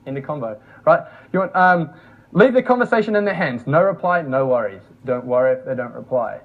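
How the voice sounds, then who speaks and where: A man's voice: mid-range voice, big pitch swings, fairly quick. A young man giving a casual, joking workshop talk to a room, on a dull lo-fi recording. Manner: chatty, joking, laughs often. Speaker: workshop presenter.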